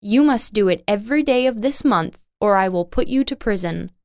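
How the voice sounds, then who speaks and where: A woman's voice: medium pitch, expressive, normal speed, darkish tone, smooth, dry recording, studio quality, close to an everyday voice. A woman voicing a stern fairy-tale king who makes firm pronouncements in a storybook.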